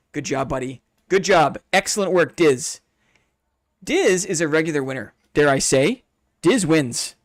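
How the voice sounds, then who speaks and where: Lively, mock-formal male streamer. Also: on the high side, dry recording, studio quality. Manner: playful, mock-formal and upbeat. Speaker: game streamer. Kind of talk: casual live-stream chat.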